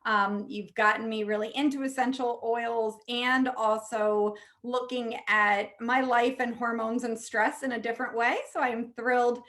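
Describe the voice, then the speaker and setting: Higher-voiced enthusiastic woman podcast host. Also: steady tone, normal speed, few pauses, fairly bright tone. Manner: effusive and enthusiastic, eager introductions. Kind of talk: interview hosting.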